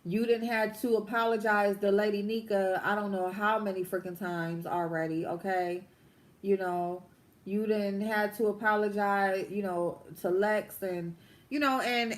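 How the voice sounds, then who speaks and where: Doing her makeup on a casual livestream, this vlogger host rants with blunt profanity, drawing out her most emphatic lines. Her voice is mid-range with a fairly bright tone.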